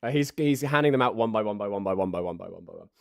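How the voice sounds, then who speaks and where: A man's voice: fairly low pitch, expressive, rapid-fire, vocal fry, dry recording, studio quality. A man narrating as game master, rambling and full of fillers.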